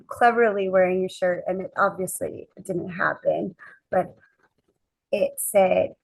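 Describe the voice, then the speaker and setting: A woman guest on a chat podcast, telling a lively anecdote and acting out the quoted dialogue. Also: medium pitch, gravelly, no room sound, rough recording. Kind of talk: casual storytelling chat.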